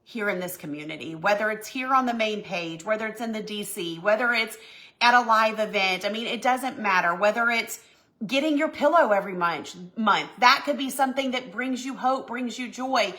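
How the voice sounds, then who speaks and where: A woman's voice: mid-range voice, moderate pace, bright, forceful tone. A woman chatting on a live stream, emotional and effusive, thanking viewers and reading their comments. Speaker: home goods brand owner hosting a live stream. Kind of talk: casual live stream chat while signing.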